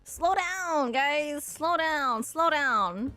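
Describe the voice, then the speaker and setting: Sassy high-voiced woman streamer. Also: expressive, very slow, pushed and bright. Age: 30s. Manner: blunt, sassy and crude, laughing often. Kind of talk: casual chat to chat readers.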